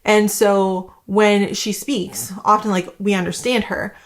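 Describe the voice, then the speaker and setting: A Canadian woman in her thirties talks slowly to camera about homeschooling, her medium-pitched voice flat. As a homeschooling vlogger, she rambles casually with lots of fillers.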